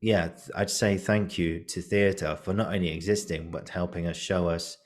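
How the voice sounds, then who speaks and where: Man, deep voice, easygoing reflective podcast host. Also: steady tone, moderate pace. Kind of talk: casual podcast chat.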